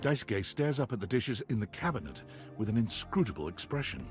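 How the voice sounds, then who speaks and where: A man narrating a dating game in calm second person, reading scripted narration. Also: fairly low pitch, fairly quick, soft background music.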